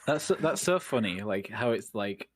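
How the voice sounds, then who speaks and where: A man's voice: on the low side, lively intonation, normal speed. A man from the United Kingdom chatting on a podcast, filling his talk with "like" and laughing often. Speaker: podcast co-host. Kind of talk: casual chat.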